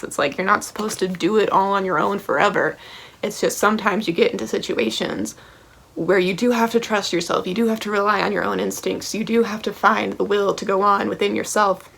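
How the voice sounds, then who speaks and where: Woman tarot reader, blunt and heated, cursing, gravelly fry in her voice. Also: mid-range voice, fairly bright tone. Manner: blunt, passionate, swears freely, keeps checking in with "okay?" and "right?". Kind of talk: pick-a-card tarot reading to camera.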